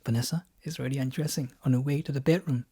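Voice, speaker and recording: A man with a New Zealand accent performing a comic theatrical monologue, deadpan, swinging between hushed asides and outbursts. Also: medium pitch, racing, breathy edge.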